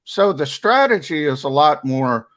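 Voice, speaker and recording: A man's voice: fairly high pitch, very animated, unhurried, fairly bright tone. A man in sports-show chat, giving his opinions on a football team's roster, talking casually with frequent restarts. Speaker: sports analyst.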